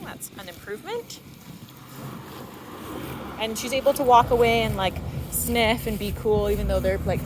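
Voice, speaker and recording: A woman dog trainer explaining calmly while walking a dog outdoors and breaking into high-pitched praise for the dog. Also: noisy background. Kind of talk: explaining on a walk. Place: outdoors on a neighborhood walk.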